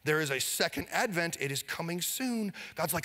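High-voiced energetic preacher man. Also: normal speed, few pauses, in a large hall. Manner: energetic, leads the congregation in call-and-response. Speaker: pastor. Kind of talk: sermon. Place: church sanctuary.

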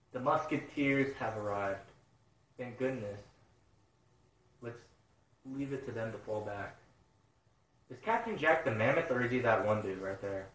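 A man reading a manga chapter live and reacting with excited, profane outbursts. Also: mid-range voice. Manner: excitable, swears a lot, loud outbursts. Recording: roomy sound, mic at a distance.

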